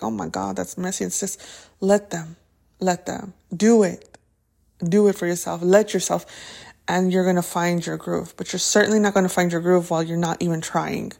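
A woman's voice: fairly low pitch, steady tone, moderate pace, creaky, darkish tone. A woman hosting a podcast, giving a casual motivational pep talk in a chatty, upbeat way, often tossing in "right?" and a few Spanish words. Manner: restarts and fillers, many "right?" and "okay?". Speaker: podcast host.

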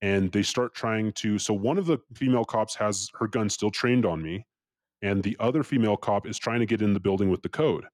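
A man's voice: lowish voice, brisk, no echo. Profane man telling a wild story. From California. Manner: profane, animated, acts out quoted voices. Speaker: podcast guest. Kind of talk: casual storytelling.

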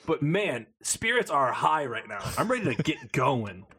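A man co-hosting a casual podcast, swearing freely and reacting with loud, exaggerated excitement. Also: a little high, a little slow, breathy edge. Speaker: podcast co-host.

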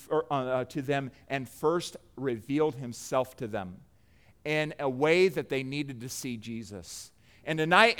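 Pastor guy preaching on a sunday night, kinda high voice, super clear, gets loud then drops real low. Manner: emphatic preaching, rising and falling in volume. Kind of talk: sermon. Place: church sanctuary.

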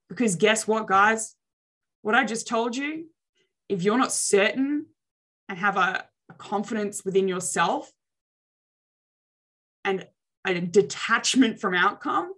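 A young adult woman coaching on social skills in a lively motivational talk, acting out reactions with exaggerated expressions. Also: mid-range voice.

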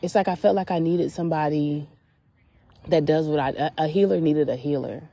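Her voice is deep, creaky, warm and husky, and she speaks a little fast. Hosting a podcast from outdoors at a beach, the woman talks frankly and casually about her spiritual thoughts, using "like" again and again.

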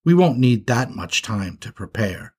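A man's voice: mid-range voice, sing-song, a little slow, a little mellow, husky. A man voicing reassuring skunk parents in a storybook reading, close to his own narrating voice.

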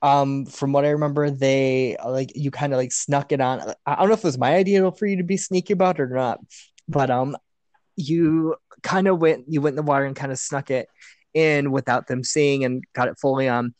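Man, podcast guest, mid pitch, hesitant, filler-heavy, dry sound. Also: fairly even intonation, a little fast, a little mellow, no room sound. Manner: hesitant, full of "like" and "um", laughs often. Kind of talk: casual chat.

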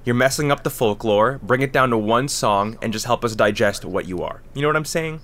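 A man's voice: mid-range voice, a little fast, fairly bright tone. A man co-hosting a podcast in casual chat, laughing often and swearing freely as he jokes through his asides. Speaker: podcast co-host.

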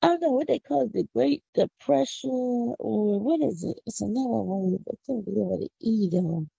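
A middle-aged woman from Philadelphia with a Philadelphia accent, hosting a casual, preachy podcast monologue with excited whoops. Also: on the high side, moderate pace, gravelly, breathy edge, no echo. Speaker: podcast host. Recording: dull lo-fi audio.

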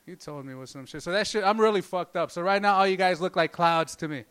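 A man's voice: high voice, quick pace, fairly bright tone, smooth. A man doing a stand-up comedy set, rambling loosely and swearing constantly. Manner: profane, rambling, loose delivery.

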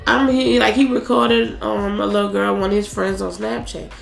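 A woman's voice: mid-range voice, level tone, moderate pace, vocal fry, soft background music. A woman in her thirties chatting casually as a podcast co-host, telling stories in a blunt, profane way. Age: 30s. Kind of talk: casual chat. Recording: echoey room.

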